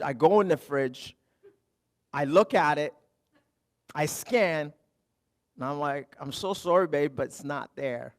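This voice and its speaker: A middle-aged man preaches a Sunday sermon in a conversational, storytelling way, with a slightly higher pitch than most men. He jokes with the congregation and then drops quiet before pushing loud for emphasis. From Canada. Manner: swings from quiet lows to loud emphatic highs. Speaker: pastor.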